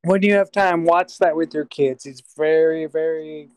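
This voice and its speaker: A man's voice: a little high, fairly even intonation, moderate pace, a little mellow, clear, resonant tone, no room sound, low-quality recording. A man hosting a casual livestream, joking and swearing while he fumbles with a computer. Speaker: host.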